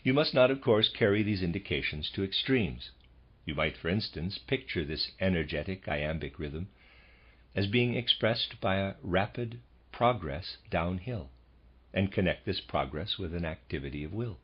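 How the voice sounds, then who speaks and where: Deep husky man reading a lecture. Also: expressive, dull audio. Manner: measured, formal lecturing delivery. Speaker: audiobook narrator. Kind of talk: scripted audiobook reading of a lecture.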